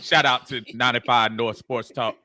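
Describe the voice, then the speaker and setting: A man co-hosting a casual sports talk show, joking and excitable, stumbling over his words. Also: medium pitch, moderate pace. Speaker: co-host.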